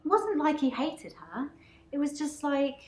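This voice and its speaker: A woman voicing a troubled young female patient who believes she can shapeshift, speaking in an earnest, halting way. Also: high voice, big pitch swings, echoey room. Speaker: game character.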